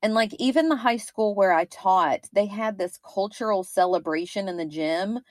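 A woman's voice: mid-range voice, moderate pace, dry recording. A woman in her thirties with a Kentucky accent, co-hosting a true-crime podcast in a chatty, rambling way with frequent fillers. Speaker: podcast co-host.

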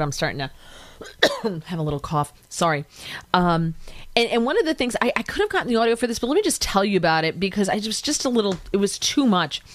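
A woman guest-hosting a talk radio show, giving animated, indignant commentary in fast bursts. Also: medium pitch, dry recording.

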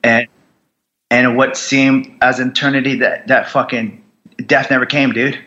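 A man's voice: medium pitch, flat delivery, measured pace, sharp tone, muffled recording. An American man, a combat veteran guest on a podcast, telling his story in a raw, profane way, with many restarts and fillers. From United States. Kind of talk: candid storytelling interview.

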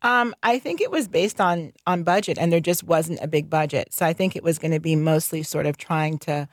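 Candid low-voiced woman contractor. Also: moderate pace, no echo, studio quality. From North Carolina. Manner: candid, chatty, laughs often, many fillers. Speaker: guest, licensed general contractor. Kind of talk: radio interview.

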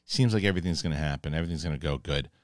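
Male host, low voice, dry close sound; casual, profane, excitable recap of a TV episode. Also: rapid-fire, no echo. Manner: profane, excitable retelling with acted-out quotes. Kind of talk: casual spoken TV episode review.

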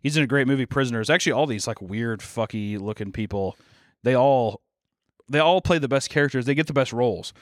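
Animated young podcast co-host man. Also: mid-range voice, dry recording, clean studio sound. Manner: animated, swearing, quick jokey riffs with put-on quotes. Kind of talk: casual chat.

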